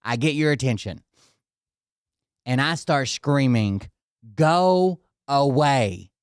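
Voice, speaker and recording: A man's voice: medium pitch, unhurried, clean tone, dry recording, clean studio sound. A man vlogging from indoors at his home, telling a rambling, profane story straight to his viewers.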